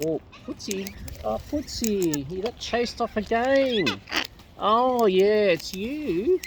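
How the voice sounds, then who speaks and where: A woman outdoors chatting playfully to wild birds, her greetings jumping into squeaky high hellos, recorded on a phone. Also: big pitch swings, slow, a little hiss or hum. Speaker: vlogger feeding wild birds. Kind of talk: casual chat to birds. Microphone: phone camera.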